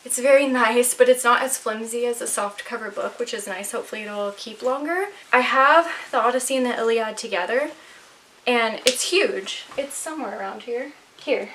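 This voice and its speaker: A young woman with a fairly high voice chats eagerly and casually, filling her talk with ums and likes. She sounds a little out of breath. The mic sits a bit away from her, with a faint hiss behind her. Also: normal speed, a bit bright. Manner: chatty, enthusiastic, many fillers. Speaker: vlogger. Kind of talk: casual book haul chat. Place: at home, near her bookshelf. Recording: slightly distant mic, faint noise.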